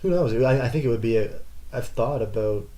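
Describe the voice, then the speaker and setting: A young man co-hosts a casual podcast and tells a personal story. He speaks at a middle pitch and keeps the telling lively and animated. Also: a little fast. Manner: animated, laughs often, acts out shouted quotes. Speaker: podcast co-host.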